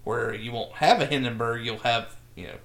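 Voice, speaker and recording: A man co-hosting a podcast, telling a science story in a joking, animated way. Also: mid-range voice, normal speed. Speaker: podcast co-host. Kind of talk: casual chat, news segment.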